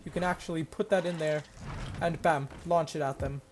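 A man's voice: fairly high pitch, fairly even intonation, moderate pace. A young man giving gameplay commentary, swinging into mock-dramatic panic and sarcastic hype. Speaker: gaming channel host.

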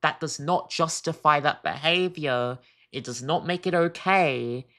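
With a low-pitched, slightly bright voice, a woman speaks unhurriedly as a reaction streamer. She offers earnest, emphatic commentary, frequently restating things as she makes her case.

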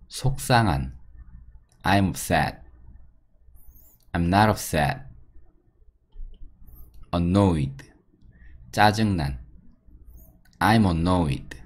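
Slow, deep-voiced man reading vocabulary drills. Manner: reads word, Korean gloss, then example sentences. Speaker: English teacher.

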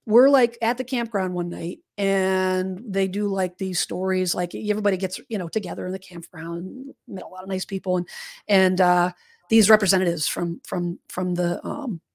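A woman's voice: medium pitch, fairly even intonation, normal speed, creaky. A woman co-hosting a podcast, telling a story in a rambling, meandering way, often restarting her sentences. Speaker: podcast co-host. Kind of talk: casual storytelling chat.

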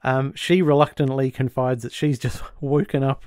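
A man's voice: mid-range voice, steady tone, normal speed, a little mellow, clean tone, no echo, studio quality. A male podcast host recapping a sitcom episode in a chatty way, laughing easily and acting out the lines.

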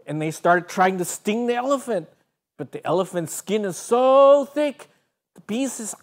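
Woman storyteller, animated kids' segment, studio broadcast. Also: mid-range voice, measured pace. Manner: animated, sound effects. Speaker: children's storyteller. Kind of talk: children's story and devotional.

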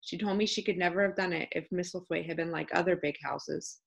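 A woman's voice: lowish voice, a little fast, vocal fry, husky, dull audio. A woman voicing a cheerful, plain-spoken young housemaid with a broad Yorkshire accent in an audiobook. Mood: chatty. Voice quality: homely dialect, stout and plain-spoken. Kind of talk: audiobook character voice.

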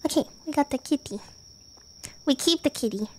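A young adult woman streaming a game, talking in a casual, playful and animated way and swearing freely. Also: high-pitched, normal speed.

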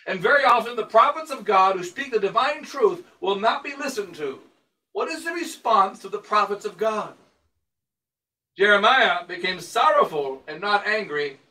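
A man with a high, bright voice preaches an emphatic sermon from a distance from the microphone. He drives his points home with rhetorical questions and repeated phrases, asking and then answering. The voice sounds like a priest in a church. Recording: voice picked up from a distance.

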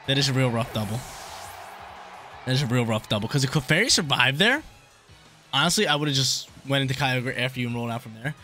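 Young man, rapid game commentary, casual slang, repeats himself, faint music behind. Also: medium pitch, pushed and bright. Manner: thinks aloud, repeats phrases, casual slang. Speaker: gaming YouTuber.

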